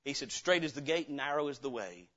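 A man, a pastor, preaching a sermon with rhetorical questions and sudden swings from hushed to loud. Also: medium pitch, animated, fast, dull audio.

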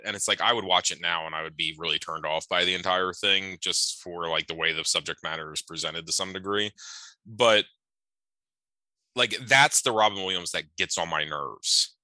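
Deep-voiced man, bright and hedging. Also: no echo. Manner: measured, hedging, restarts with repeated "I". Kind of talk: casual chat.

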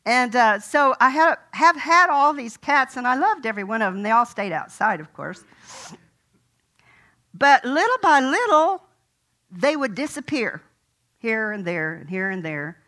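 A woman's voice: fairly high pitch, very animated, unhurried, bright, forceful tone. An older woman preaching a sermon in a folksy, conversational way, telling a personal story.

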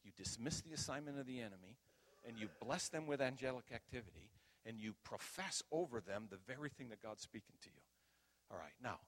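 A middle-aged man preaching a storytelling sermon, acting out quoted dialogue loudly and with animation. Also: fairly low pitch.

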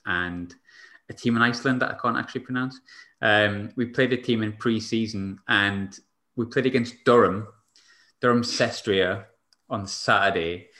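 A man's voice: lowish voice, fairly bright tone. A man hosting a casual football podcast, chatting and laughing often. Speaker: podcast host. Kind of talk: casual chat.

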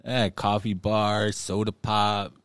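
A man hosting a casual talk show, excitable and laughing often as he chats with his guests. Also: on the low side, slow, clear, resonant tone, no room sound. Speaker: podcast host. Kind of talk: casual chat.

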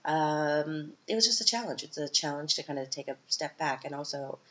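Woman, 30s, low voice, chatty self-deprecating podcast host, muffled lo-fi audio. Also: animated, moderate pace, a bit bright, slight background noise. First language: English. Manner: chatty, self-mocking, lots of fillers. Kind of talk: casual solo podcast monologue.

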